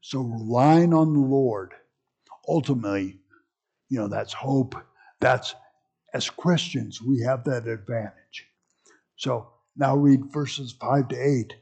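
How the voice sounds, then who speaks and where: A man's voice: medium pitch, slow, vocal fry, darkish tone, slightly rough. A man leading a Bible study in a folksy, rambling way, with joking asides.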